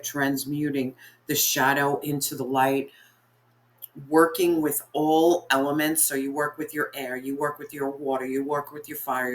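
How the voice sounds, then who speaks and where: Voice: mid-range voice, fairly bright tone, a little hiss or hum. A tarot reader giving a spiritual reading in an earnest, encouraging way, speaking straight to the viewer and often repeating phrases for emphasis.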